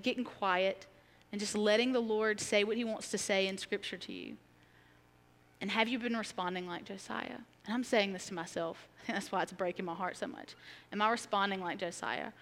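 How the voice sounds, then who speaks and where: A woman's voice: medium pitch, a bit bright. A woman preaching a sermon in a church, candid and emotional, talking in a conversational way and laughing often. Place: church sanctuary. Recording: long hall reverb.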